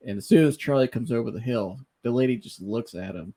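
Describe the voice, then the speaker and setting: This podcast host has a mid-range voice and talks a little fast. He tells a humorous story in an easygoing, animated manner, often breaking into laughter and mimicking the voices of people he quotes.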